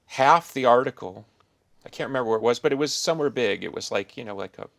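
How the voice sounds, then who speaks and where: A man's voice: mid-range voice, lively intonation, fast, creaky, fairly bright tone, no room sound, studio quality. A middle-aged man hosting a podcast, talking in a thoughtful, rambling, musing way. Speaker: podcast host. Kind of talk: casual interview chat.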